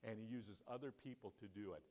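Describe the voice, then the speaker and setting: A man preaching in church, telling a story with animated quoted lines and quieter reflective asides. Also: fairly low pitch, fast. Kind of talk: sermon storytelling.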